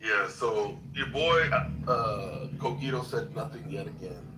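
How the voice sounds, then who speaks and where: A man's voice: lowish voice, measured pace, reverberant, far from the mic, background noise. A man speaking in a heated live audio-room debate, confrontational and repetitive, swearing as he calls someone out.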